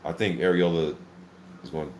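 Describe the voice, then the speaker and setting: A man hosting a casual live boxing reaction, calling the action play-by-play in an excitable, filler-heavy way. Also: deep voice, normal speed, slight background noise. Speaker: boxing channel host. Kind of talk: live fight commentary reaction.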